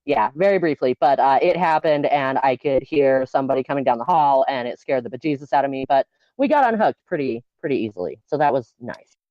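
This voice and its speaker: A woman's voice: very deep voice, expressive, a little fast, mellow, no echo, dull audio. A woman guest talking casually and bluntly, with crude humor and frequent laughs, over a remote call. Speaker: guest, piercer. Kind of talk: casual podcast chat.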